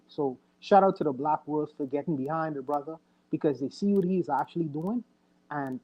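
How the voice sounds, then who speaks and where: A man's voice: a little high, dull audio. A man on a casual podcast livestream who talks in a rambling, earnest way and keeps correcting himself.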